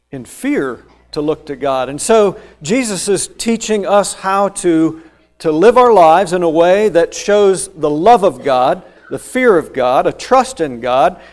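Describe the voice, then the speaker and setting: Man, preacher, sermon, slightly high voice, emphatic, scripture explanation. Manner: emphatic, rising to loud stressed phrases then dropping low; reads and explains scripture verse by verse.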